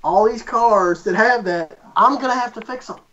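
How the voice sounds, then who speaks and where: A man's voice: very high-pitched, normal speed, bright, forceful tone. Teasing man on a dull call line. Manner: teasing, joking banter. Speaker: co-host on a call. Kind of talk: casual chat.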